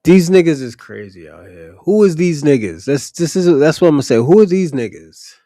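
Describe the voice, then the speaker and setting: A man's voice: a little high, animated, a little fast, warm tone, dry recording, studio quality. Profane man ranting at chat. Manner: blunt, profane, addresses chatters directly. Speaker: livestream host answering chat. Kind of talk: casual ranting commentary.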